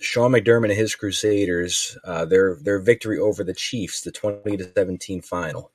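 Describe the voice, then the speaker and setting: A man's voice: low voice, fairly even intonation, normal speed, a little mellow, no room sound, clean studio sound. A man hosting a casual sports podcast, easygoing, handing topics to his co-hosts. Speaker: podcast host.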